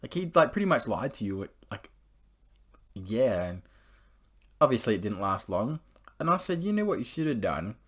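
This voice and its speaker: A man's voice: fairly low pitch, very animated, normal speed, long pauses, husky. A man casually telling crude stories, rambling, swearing freely and laughing as he goes. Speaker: storyteller host.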